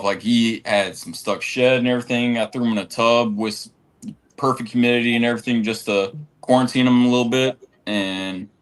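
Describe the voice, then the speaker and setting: A laid-back man talks as a podcast guest, full of casual slang. His voice is fairly low, and he speaks at an easy, unhurried pace. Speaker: podcast guest, snake keeper. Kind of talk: casual chat.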